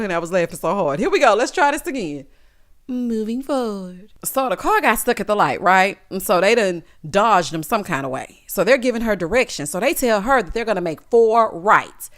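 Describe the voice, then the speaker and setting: A woman's voice: mid-range voice, big pitch swings, moderate pace. A woman giving a casual, sassy recap of a reality show, talking straight to her viewers.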